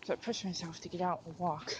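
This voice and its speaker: A woman's voice: fairly low pitch, flat delivery, fast talker, background noise. Breathless young woman vlogging on a walk. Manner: chatty, giggly, a bit out of breath from walking. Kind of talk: casual vlog narration while walking. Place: outdoors in a forest at dusk. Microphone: handheld camera while walking.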